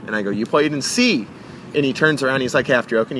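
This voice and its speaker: A young man, the guest of an interview, eagerly telling a story in a car, acting out the quotes with halting restarts. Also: medium pitch, fairly bright tone, slight background noise. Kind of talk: excited storytelling.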